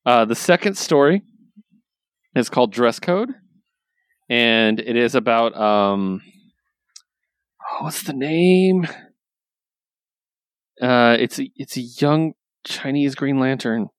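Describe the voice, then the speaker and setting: A man's voice: mid-range voice, a little slow, long pauses, clean tone, no room sound. A man hosting a casual talk, recapping stories with enthusiasm and plenty of ums and likes. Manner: enthusiastic, lots of fillers. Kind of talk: casual chat.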